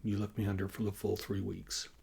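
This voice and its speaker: A man's voice: fairly low pitch, completely flat delivery, brisk, creaky, a little mellow, husky, exaggerated voice. A man voicing a brusque inventor. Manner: brusque, wry. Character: blunt driven male inventor.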